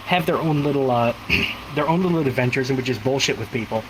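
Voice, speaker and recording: A man chats casually and rambles through a long story, stacking up fillers and acting out what everyone said. His voice sits at an ordinary pitch. A steady hum of noise runs underneath him. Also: fast talker. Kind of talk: casual chat.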